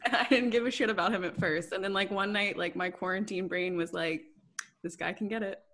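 A woman co-hosting a podcast, talking frankly in relaxed casual chat. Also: mid-range voice, brisk. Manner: relaxed, frank, filler-heavy. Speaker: podcast co-host.

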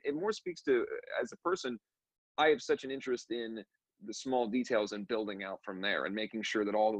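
A man's voice: lowish voice, fairly bright tone, no echo, lo-fi sound. A young man, a musician, talking candidly in casual conversation and telling stories with frequent restarts. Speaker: musician guest.

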